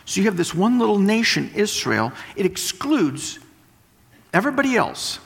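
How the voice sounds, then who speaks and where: Delivered at normal speed, the sermon comes from a high-pitched, gravelly, slightly rough voice with big pitch swings. The West Texas preacher explains and repeats his points emphatically, and the recording carries a long hall reverb.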